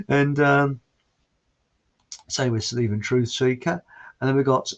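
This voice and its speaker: A man hosts a live show in a fairly high, slightly bright voice, speaking slowly with long pauses. He casually reads viewer comments aloud and rambles, chuckling and restarting loosely, over dull lo-fi stream audio.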